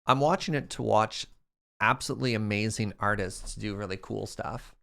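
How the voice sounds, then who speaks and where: A man's voice: fairly low pitch, moderate pace, gravelly, a bit bright. A man streamer chatting casually with his chat while playing a game, laughing often.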